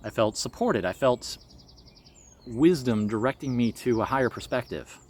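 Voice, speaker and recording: Man, mid-pitched voice, reflective personal vlog, earnest storytelling. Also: expressive, normal speed, a little mellow. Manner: earnest and reflective, with light laughs. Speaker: spiritual vlogger.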